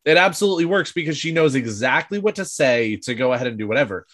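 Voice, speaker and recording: Man, podcast co-host, lively pitch, middle voice, casual discussion. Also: quick pace. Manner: animated, laughs often, acts out lines.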